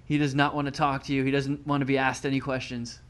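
A man's voice: mid-range voice, little pitch movement, quick pace, clear, resonant tone. A man with an ordinary mid-range voice runs through a story in casual chat. He swears freely and mocks everyone he describes, dry and sarcastic. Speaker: podcast guest telling a story.

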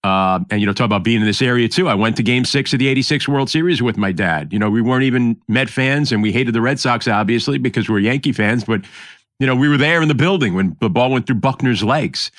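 A man's voice: medium pitch, fast talker, fairly bright tone, no room sound, clean studio sound. A middle-aged man from the New York area with a New York accent, hosting a casual podcast conversation and talking in a rambling, reflective way. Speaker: podcast host.

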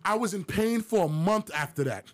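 A man co-hosting a podcast who tells a story in a casual, animated way, with plenty of swearing, and puts on the voices of the people in it. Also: sits high, moderate pace. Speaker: podcast co-host.

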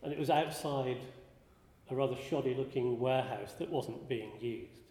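A man from northern England tells a rambling, wry story to a live audience, poking fun at himself along the way. His voice sits at an ordinary middle pitch, and the hall adds noticeable echo with a long, trailing reverb. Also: normal speed, dark tone. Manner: wry, self-deprecating, chuckling. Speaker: speaker giving a talk. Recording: echoey hall.

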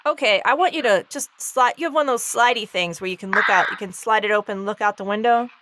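A woman's voice: medium pitch, quick pace, bright, forceful tone, a little hiss or hum, lightly acted. A woman playing a brash, bossy man who rambles out pushy orders from a huge armored SUV.

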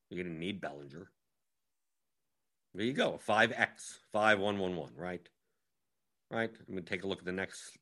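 A man's voice: fairly low pitch, bright, forceful tone. A man as fantasy sports analyst, in a casual strategy breakdown, thinking aloud and rattling off lineups. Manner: rapid, scattered, thinks aloud while scrolling lineups.

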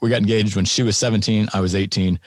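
A man with a fairly low, husky voice tells stories in a relaxed, wry way, with a laugh never far off. The sound is close and dry, with no room around him. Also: quick pace, dry recording. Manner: laid-back, wry, laughs often. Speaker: podcast guest, farmer. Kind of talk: casual conversational storytelling.

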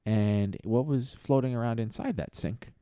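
A man's voice: mid-range voice, moderate pace, mellow, smooth, no echo, clean studio sound. A man from Pennsylvania co-hosting a podcast, telling an improvised comic story in a playful, rambling way. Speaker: podcast co-host.

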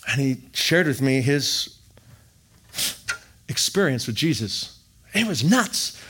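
A middle-aged man from Wisconsin telling his faith story in an animated, jokey storytelling manner. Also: mid-range voice, takes it slowly, slightly rough. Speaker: speaker sharing testimony. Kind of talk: storytelling testimony talk.

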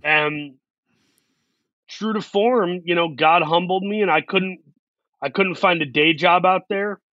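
A man's voice: sits high, a little slow, sharp tone, no room sound, dull audio. A man, an actor guest, telling long self-deprecating stories in a casual interview. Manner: rambling, self-deprecating anecdotes.

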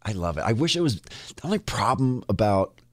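A man in his forties co-hosting a podcast, relaxed and chatty, laughing easily. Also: fairly low pitch, a little fast, no room sound. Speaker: podcast host. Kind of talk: casual chat.

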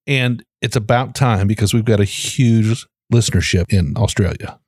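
A man's voice: lowish voice, moderate pace, a little mellow, no echo, studio quality. A man co-hosting a podcast in an easygoing, conversational way. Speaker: podcast co-host. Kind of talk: casual chat.

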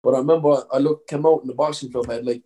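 A man's voice: mid-range voice, steady tone, very fast, mellow, rough recording. A young Irish man, a professional fighter, telling stories in a casual interview, rambling with lots of fillers and swearing.

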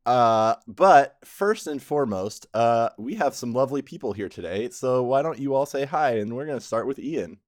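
A man's voice: medium pitch, animated, normal speed, few pauses. A man hosting a casual group podcast, rambling and correcting himself with frequent laughs. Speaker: podcast host and game master.

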